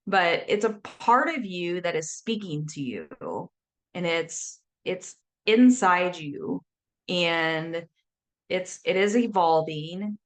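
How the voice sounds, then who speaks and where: Chatty, animated woman coach. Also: lowish voice. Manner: animated, chatty, many "like"s, acts out her inner voice. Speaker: sober coach, podcast guest. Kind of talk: casual podcast conversation.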